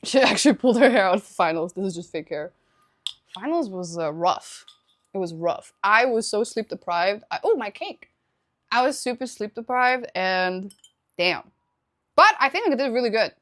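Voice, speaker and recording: A woman's voice: medium pitch, expressive, normal speed, fairly bright tone. A young woman live streaming, chatting casually with her viewers, laughing often and thanking them for subscriptions.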